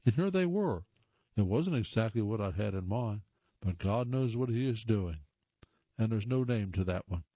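A man reads short stories aloud and sometimes stumbles and restarts. His voice is mellow and relaxed. The recording is dry and close, with a slightly muffled tone. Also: on the low side, moderate pace, no room sound. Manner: plain reading with occasional stumbles and restarts. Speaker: reader of listener stories.

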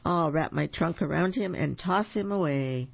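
A reader voicing a big, stomping storybook elephant, loud and earnest. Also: mid-range voice, normal speed, gravelly, highs cut off.

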